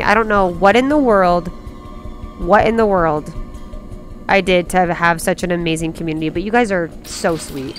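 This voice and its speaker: A woman's voice: lowish voice, normal speed. A young woman streaming a video game, bubbly and playful, gasping and chattering with her viewers as she plays. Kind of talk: live game streaming chat. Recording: faint game music under voice.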